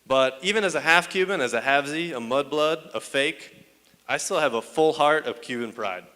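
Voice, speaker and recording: A young man delivers a stand-up set from a comedy stage, his bright, pushed voice carrying into a roomy hall with a long echo. His banter is crude and self-deprecating, and he swears often. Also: fairly high pitch, normal speed. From United States. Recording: echoey hall.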